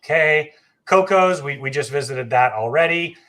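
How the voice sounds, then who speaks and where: Speaking at a moderate pace, the man has a slightly high, somewhat bright voice. He's a travel agency host on a relaxed live stream, full of chatty enthusiasm, frequent fillers and self-corrections.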